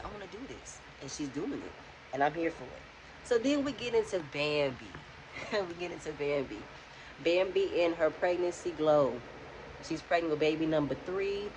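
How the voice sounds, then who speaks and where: A woman's voice: on the low side, background noise. A young woman casually recapping a reality show for her vlog, chatty and talking straight back to the people on screen. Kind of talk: casual reaction commentary.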